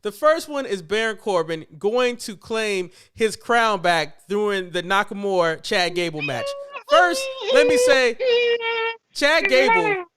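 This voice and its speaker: A man co-hosting a casual wrestling podcast, animated and quick to laugh. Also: sits high, clear, resonant tone. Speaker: podcast co-host.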